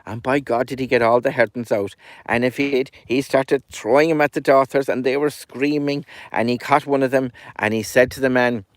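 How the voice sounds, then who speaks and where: A man with an Irish accent telling a folk tale as a storyteller, lively and animated, dropping his voice at times. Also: medium pitch, moderate pace, dry recording, studio quality.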